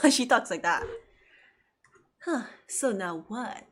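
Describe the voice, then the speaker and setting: A woman streaming a video game live, commenting excitedly, laughing often and reading character lines aloud. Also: a little high, slow pace, slight background noise.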